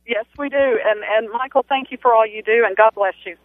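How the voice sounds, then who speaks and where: A man's voice: very high-pitched, fairly quick, dry recording. A man with a Texan accent calling in to a radio show, speaking politely and hesitantly with many fillers. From Texas. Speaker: radio caller. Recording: tinny phone line.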